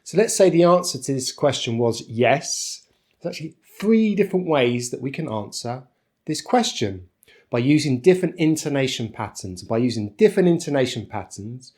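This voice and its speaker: Lively British man teaching pronunciation. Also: mid-range voice. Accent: British English. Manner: clear, deliberate explaining with exaggerated rises and falls. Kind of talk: online pronunciation lesson.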